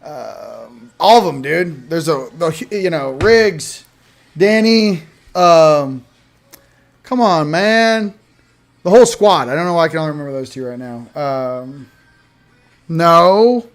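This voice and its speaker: A man hosting a casual livestream, chatting loosely, shouting out viewers and showing products. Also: fairly high pitch, lively intonation, takes it slowly, long pauses. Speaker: host.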